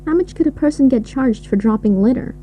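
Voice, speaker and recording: A woman's voice: sits high, expressive, brisk, warm tone, slight background noise. A woman asking inquisitive questions in a scripted listening recording.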